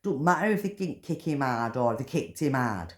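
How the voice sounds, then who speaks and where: A woman delivering an angry, profane rant, swearing and shouting in bursts. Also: extremely low pitch, lively intonation, moderate pace. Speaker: political commentator. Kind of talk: angry ranting monologue.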